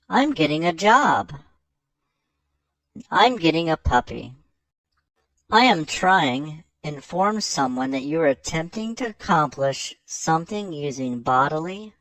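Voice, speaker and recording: Lesson narrator: slow, tuneful delivery, measured reading, dry close voice-over. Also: medium pitch, dry recording. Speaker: English teacher.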